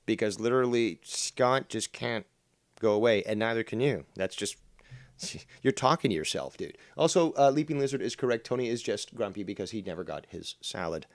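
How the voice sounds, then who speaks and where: A low-pitched man gives mocking, sarcastic commentary on a live stream. He speaks casually and says "dude" often. The sound is dry and close to the mic. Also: expressive, normal speed, dry recording. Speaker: drama commentary streamer host.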